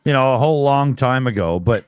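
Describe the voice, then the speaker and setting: A man's voice: mid-range voice, fairly quick, clear, resonant tone, dry recording. A middle-aged Canadian man co-hosting a casual chat, telling stories with laughs and swearing. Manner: animated, laughing, swearing storyteller. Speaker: co-host.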